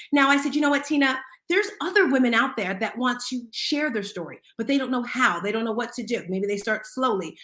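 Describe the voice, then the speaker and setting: A woman's voice: fairly high pitch, a bit bright, roomy sound. A woman hosting an audio chat room, talking earnestly in a casual motivational way and telling personal stories. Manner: earnest, storytelling, invites listeners to speak.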